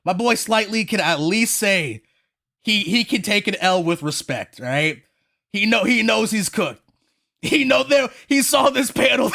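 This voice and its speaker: A woman livestreaming a reaction to a manga chapter, talking straight to her chat in an excitable, hyped-up way that can tip into frantic shouting. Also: medium pitch, a little slow, vocal fry.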